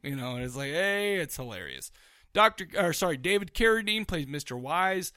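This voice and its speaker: A man co-hosting a podcast, chatting excitedly and profanely about a horror movie and laughing often. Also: on the high side, moderate pace, no echo, studio quality. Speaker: podcast co-host. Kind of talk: casual movie review chat.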